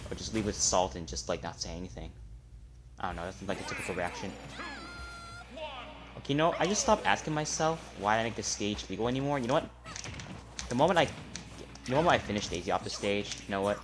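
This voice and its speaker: A man giving live gameplay commentary, trash-talking the opponent and muttering between loud outbursts. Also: fairly low pitch, big pitch swings, fast talker, pauses often, noisy background. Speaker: gamer. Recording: loud game music behind voice. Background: fighting game music and effects.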